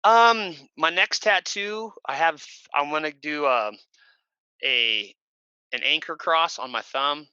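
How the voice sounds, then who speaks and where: A man's voice: slow, clear, resonant tone, dry recording, dull audio. A man guest on a podcast telling stories casually, rambling with many fillers and restarts. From Oregon, USA. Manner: bursts into shrill shouted imitations. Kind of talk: casual storytelling.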